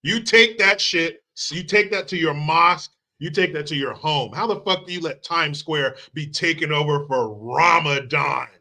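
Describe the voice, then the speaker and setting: Man, commentary host, profane political rant, sarcastic, heated, bright forceful tone. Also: fairly high pitch, moderate pace, hardly any pauses.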